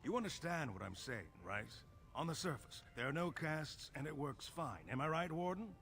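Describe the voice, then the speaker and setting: Drunken dwarf noble, game character, sardonic drawl, distant game audio, faint music. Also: male voice, fairly high pitch, animated, normal speed, gravelly, a bit bright. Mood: wry. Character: drunken dwarf noble man, self-mocking. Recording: game audio heard from far off.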